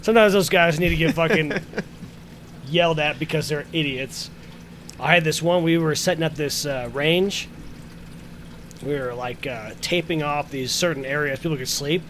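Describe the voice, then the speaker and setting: Rambling, swearing podcast co-host. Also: male voice, fairly high pitch, fairly bright tone, slight background noise. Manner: rambling, swears, frequent fillers. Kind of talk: casual chat.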